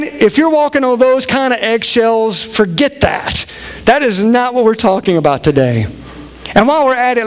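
Middle-aged male pastor, high voice, animated, self-deprecating sermon delivery, long hall reverb. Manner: animated, self-deprecating, acts out quoted dialogue.

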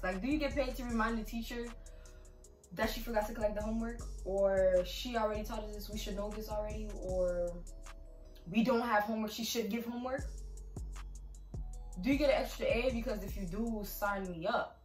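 A woman's voice: mid-range voice, normal speed, long pauses. Sassy young woman ranting in an echoey room. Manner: sassy, emphatic, lots of "like". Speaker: vlogger. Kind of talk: casual ranting vlog. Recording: echoey room, far from mic, music behind.

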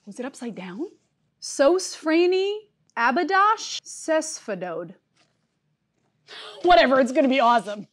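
Her voice sits high and sing-song as she plays a scatterbrained, upbeat worker in a comedy sketch. The character is easily distracted, and she speaks in a chirpy, scattered way.

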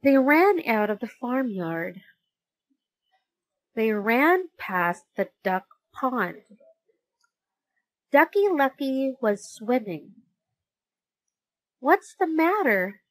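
Woman storyteller for kids' read-aloud, slow and lilting, dry recording. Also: fairly high pitch, no room sound, rough recording. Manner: very slow, lively, sing-song delivery.

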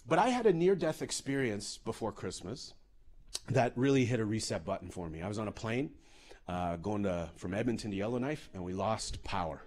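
A man's voice: on the low side, normal speed. Canadian guy doing comedic storytelling, swearing a lot, voice bouncing all over. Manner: loose, profane, animated storytelling. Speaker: comedian and speaker.

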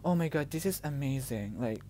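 A woman's voice: a bass voice, lively intonation, brisk, dark tone, a little hiss or hum. A young woman from the Philippines, gushing and emotional as she reacts to a music video, exclaiming often.

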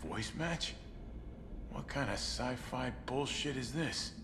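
An actor voicing a brash, impatient young soldier in a video game, urgent and incredulous. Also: male voice, medium pitch, expressive, slow pace, fairly bright tone, slight background noise.

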